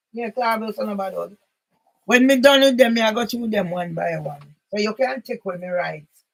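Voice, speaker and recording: On a low-quality recording, a woman from Jamaica speaks at medium pitch. She's a channel host, rambling emphatically about personal matters in a Jamaican accent and slipping into patois.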